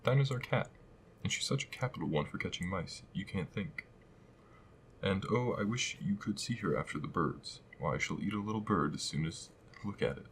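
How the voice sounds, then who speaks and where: A man's voice: low voice, animated, normal speed, fairly bright tone, a little hiss or hum. A man reading aloud and voicing Alice, a polite, eager young girl in a storybook, with a lifted, earnest tone.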